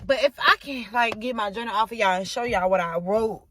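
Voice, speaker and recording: A woman's voice: fairly high pitch, fairly quick, sharp tone, a little hiss or hum. A young woman vlogging to her viewers from inside her car, chatty and openly emotional as she talks to them directly. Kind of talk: casual chat to camera.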